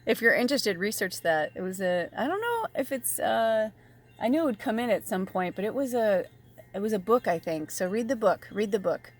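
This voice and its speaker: A chatty woman who works as a tarot reader and medium gives a casual spiritual reading in a mid-pitched voice at normal speed. She is animated, uses plenty of fillers and swears freely, occasionally dropping to a soft, near-whisper.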